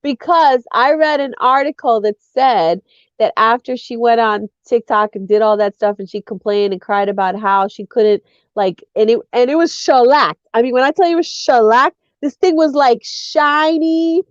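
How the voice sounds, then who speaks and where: A woman co-hosting a casual talk show, telling stories in an animated way and acting out what people said. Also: a little high, moderate pace, no echo. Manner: animated storytelling, acting out quotes. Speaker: co-host. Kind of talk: casual chat. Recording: dull lo-fi audio.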